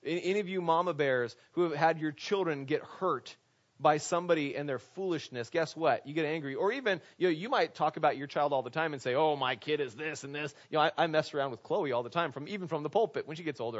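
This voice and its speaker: A man with a fairly high voice preaches to his congregation in an animated, conversational way. He keeps asking them rhetorical questions. The recording sounds dull and lo-fi. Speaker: pastor. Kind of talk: conversational sermon.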